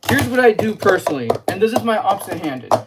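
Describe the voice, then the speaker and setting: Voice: mid-range voice, big pitch swings, fast, heavy background noise. A casual livestreamer teaching cup stacking step by step while chatting with viewers. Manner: chatty, addresses live chat, explains step by step. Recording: clear clatter of plastic cups.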